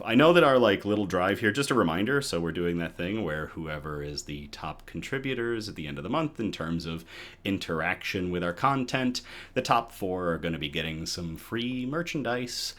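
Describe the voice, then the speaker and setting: A man's voice: low voice, a bit bright. A man hosting a casual live good-news show from home, chatty and upbeat, a little out of breath. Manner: chatty and upbeat, with chuckles and restarts.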